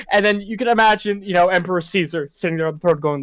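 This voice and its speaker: A man's voice: high voice, fast, no room sound. A young man chatting casually on a stream, telling game stories loosely with lots of fillers. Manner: loose, filler-heavy storytelling. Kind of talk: casual gaming chat.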